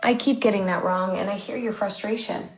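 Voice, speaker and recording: A woman's voice: mid-range voice, brisk. Apologetic synthetic-sounding woman, roomy echo. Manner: apologetic, agreeable, smoothly even. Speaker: AI companion. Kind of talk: conversational assistant replies.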